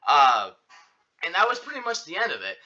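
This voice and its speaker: A man's voice: on the high side, brisk, muffled recording. A young man telling a long personal story in casual chat, rambling with many fillers and restarts. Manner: rambling, filler-heavy, animated retelling. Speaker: podcast host telling a story.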